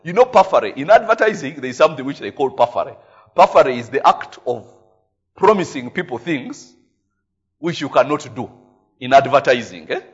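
A man with a Ugandan English accent preaching a sermon, telling stories in a lively way, tagging his lines with "eh?" and laughing often. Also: mid-range voice, a little fast, husky, highs cut off. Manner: animated storytelling, frequent "eh?" tags, laughing often. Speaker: pastor.

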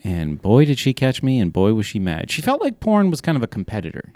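A man co-hosting a crude comedy podcast, deadpan, dropping his voice low for jokes. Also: fairly quick, no echo, studio quality. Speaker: podcast co-host.

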